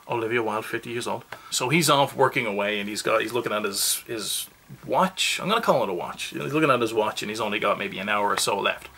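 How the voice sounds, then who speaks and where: A man's voice: mid-range voice, sharp tone, husky. A man giving a casual, rambling movie review, full of self-mocking asides.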